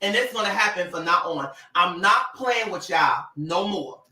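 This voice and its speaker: A man talking to his followers on a livestream, animated and sassy, often laughing. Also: sits high, normal speed, echoey room, far from the mic, poor audio. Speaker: social media personality on a livestream. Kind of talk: casual livestream talk to followers.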